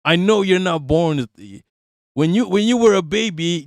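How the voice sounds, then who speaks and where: A man on a live stream ranting loudly and mockingly with heavy profanity. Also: high-pitched, expressive, normal speed, dry recording, clean studio sound. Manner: loud, mocking, profane, laughs often. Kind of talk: profane political rant on stream.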